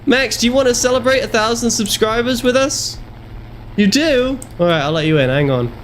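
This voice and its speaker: A man's voice: very high-pitched, animated, normal speed, reverberant, slight background noise. A man streaming a game in casual chat, playful and chatty, cooing to his cat at home.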